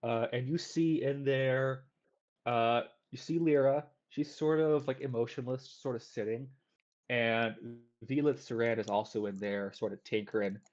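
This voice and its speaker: A man's voice: mid-range voice, steady tone, unhurried, a little mellow. A man narrating as game master in a tabletop game, casual and full of fillers. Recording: dull lo-fi audio.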